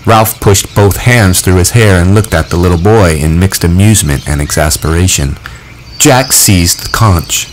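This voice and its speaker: A man narrating a novel aloud in a measured, expressive reading. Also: low voice, slight background noise, rough recording. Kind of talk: audiobook reading.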